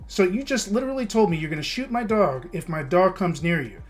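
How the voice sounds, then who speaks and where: A man's voice: high-pitched, big pitch swings, a little fast, soft background music. A man opening a game stream with casual chat, then venting in a heated, profane, repetitive way. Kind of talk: casual stream intro turning into a rant.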